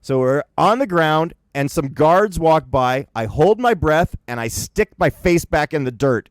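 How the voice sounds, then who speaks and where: A man from Winnipeg telling a rambling story on a podcast, casual and animated, laughing as he acts out what his friends said. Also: fairly high pitch, unhurried, no echo, clean studio sound. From Winnipeg, Canada.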